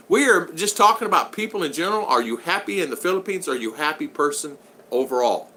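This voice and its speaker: An older American man vlogs live, reading his chat and telling rambling anecdotes with many restarts and fillers. His voice is a little high, fast, bright and forceful, and very animated.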